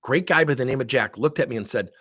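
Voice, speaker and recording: A man's voice: medium pitch, quick pace, dry recording, studio quality. A middle-aged man as a sales trainer, telling blunt, emphatic stories in a workshop webinar. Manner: animated, blunt, emphatic storyteller.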